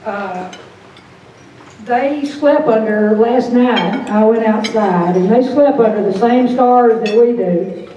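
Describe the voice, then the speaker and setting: A woman's voice: fairly high pitch, takes it slowly, mellow, muffled recording, a little hiss or hum. An older woman giving a chatty, folksy talk as a presenter at a dinner event. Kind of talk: public talk. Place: event hall during a dinner. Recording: echoey hall, voice from far off.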